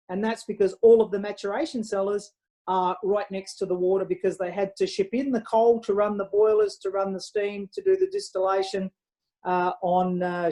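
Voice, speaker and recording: A woman's voice: mid-range voice, mellow, low-quality recording. A woman from Australia hosting a casual live-streamed wine show, chatting in a rambling way with lots of fillers.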